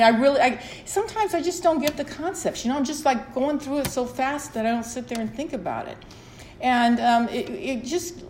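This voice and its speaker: A woman's voice: on the high side, slight background noise. A middle-aged woman telling her own story at a support meeting in a candid, rambling way with restarts. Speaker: recovery meeting speaker. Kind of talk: personal sharing at a support meeting. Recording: echoey room, faint ambience.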